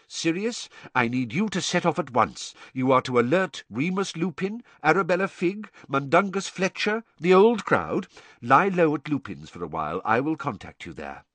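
A man voicing a wise old headmaster wizard who speaks in a measured, grave and authoritative way. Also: a little high, animated, fairly bright tone, dry recording, voice pushed up.

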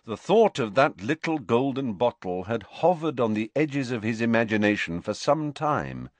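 A man reading a novel aloud as narrator in a measured, expressive storytelling manner. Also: mid-range voice, dry recording. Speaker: audiobook narrator. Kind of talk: scripted narration.

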